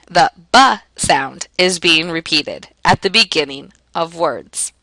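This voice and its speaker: A woman teacher explaining a lesson in a clear, emphatic way, asking and answering her own questions. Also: sits low, expressive, slow pace, few pauses, sharp tone, no echo, poor audio. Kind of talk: classroom lesson narration.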